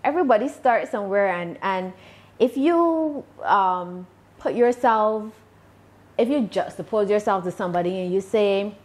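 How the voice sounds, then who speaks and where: Barbadian woman, deliberate speech. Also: medium pitch, lively intonation, darkish tone. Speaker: YouTuber guest. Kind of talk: casual interview answers.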